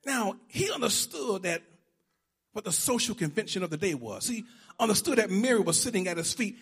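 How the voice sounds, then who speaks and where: A male pastor preaching a sermon, swinging from hushed lines to shouting and half-singing. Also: sits high, big pitch swings, fairly quick, husky.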